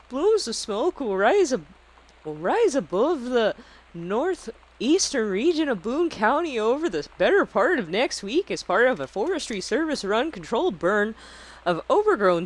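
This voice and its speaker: A man with a Canadian accent putting on a higher-pitched newsreader voice. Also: exaggerated voice. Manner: exaggerated, chirpy newsreader delivery. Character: flirty high-voiced man reading the local news. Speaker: game streamer.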